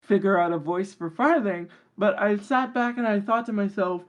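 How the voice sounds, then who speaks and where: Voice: mid-range voice, moderate pace, few pauses. A guest on a tabletop game podcast, talking casually and enthusiastically and rambling with lots of fillers. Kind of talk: casual interview chat.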